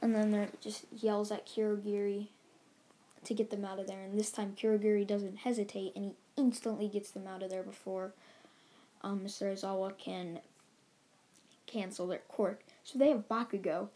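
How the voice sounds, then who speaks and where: A woman's voice: mid-range voice, fairly even intonation, normal speed, warm tone. A woman casually retelling a story as a channel host, rambling along with restarts and filler words.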